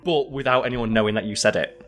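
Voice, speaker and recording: A man's voice: mid-range voice, fast talker, fairly bright tone, soft background music. A man co-hosting a casual chat show, telling rambling stories with lots of "like". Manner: rambling storyteller, does silly voices. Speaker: podcast co-host.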